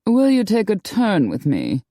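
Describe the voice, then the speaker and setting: A woman's voice: medium pitch, wildly swooping pitch, measured pace, mellow, no echo, clean studio sound, pitched above the performer's own voice. A woman voicing a snooty, aristocratic female vampire in an audiobook, with a prim, affected, haughty way of talking. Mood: coy, affected. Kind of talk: audiobook character voice.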